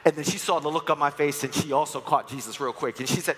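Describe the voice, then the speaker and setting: This church speaker, a man in his forties from New York, talks fast in a voice on the high side with a fairly bright tone while preaching a sermon full of personal stories and playful humor. A little hiss or hum is present, along with the long reverb of the church sanctuary.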